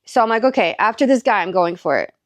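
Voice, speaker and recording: A woman's voice: medium pitch, lively intonation, quick pace, dry recording. A woman from Southern California, a mother, chatting through a personal story with many likes and quoted back-and-forth. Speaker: faith and encouragement vlogger. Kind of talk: casual storytelling.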